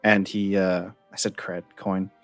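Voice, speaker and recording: A man's voice: deep voice, level tone, a little slow, dry recording, soft background music. A young man playing a tabletop game, rambling casually with lots of "like" while describing his character. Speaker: player. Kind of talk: casual tabletop play chat.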